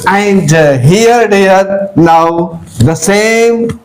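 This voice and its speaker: A man gives a pronunciation lesson in a high, unhurried voice. He spells words letter by letter, repeats them, and fills pauses with "uh" and "okay, dear". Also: animated, darkish tone, low-quality recording. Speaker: English teacher.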